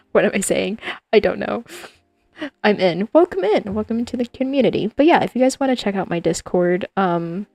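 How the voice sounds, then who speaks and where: A woman's voice: mid-range voice, a little mellow, no echo. A woman streaming as a digital artist, chatting casually and playfully with her viewers in a rambling way. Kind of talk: casual livestream chat with viewers.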